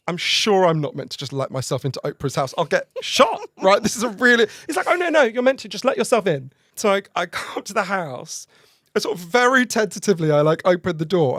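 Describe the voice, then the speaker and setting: A man telling a long funny story as a podcast guest, excitable and laughing as he goes. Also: a little high, no room sound, clean studio sound. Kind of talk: animated anecdote telling.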